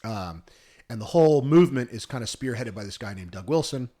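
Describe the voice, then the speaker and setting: This podcast co-host is a young man with a dark-toned, mid-range voice, lively intonation, and a slightly fast delivery. Chatting casually, he rambles as he tells stories and often corrects himself.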